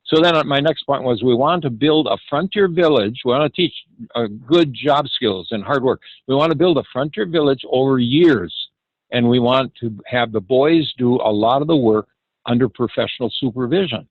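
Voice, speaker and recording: Over phone-quality audio with no room sound, an eighty-something ranch founder recounts his story in a mid-range voice. His storytelling is halting and full of hesitations, and he acts out the dialogue.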